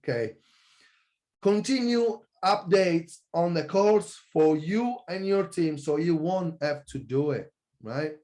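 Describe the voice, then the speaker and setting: Speaking slowly, a male online business coach makes a passionate, energetic sales pitch for his course and keeps correcting himself.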